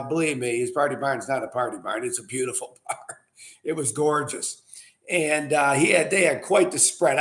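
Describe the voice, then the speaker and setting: A man's voice: a little high, gravelly, fairly bright tone. A middle-aged man hosting his own wine show, telling a rambling story in a chatty way before a casual tasting. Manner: rambling, chatty, full of fillers and asides. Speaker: winery owner and show host.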